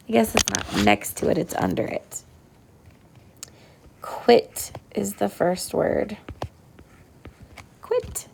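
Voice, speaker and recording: A woman's voice: medium pitch, creaky, darkish tone, a little hiss or hum. A woman teacher giving a recorded phonics lesson to young pupils, patient and sounding out each word. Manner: slow, patient, sounding out words. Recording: iPad whiteboard voice recording.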